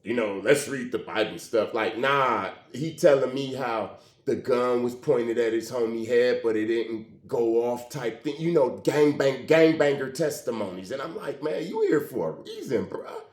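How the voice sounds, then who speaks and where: A man telling a personal story in a casual, animated way, often acting out the dialogue. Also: medium pitch, measured pace. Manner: animated, conversational, acts out quoted dialogue. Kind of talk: emotional storytelling monologue. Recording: roomy echo.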